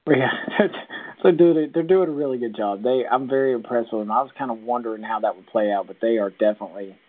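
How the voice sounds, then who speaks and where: A man's voice: mid-range voice, quick pace. A man co-hosting a casual show recap in an easygoing, chatty way. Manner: easygoing, chatty, many fillers. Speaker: podcast co-host. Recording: tinny phone-like sound.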